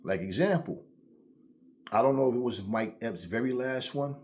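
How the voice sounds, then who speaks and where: A man hosting a commentary vlog, ranting in a blunt, profane, animated way. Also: medium pitch, normal speed, slight background noise. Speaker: channel host.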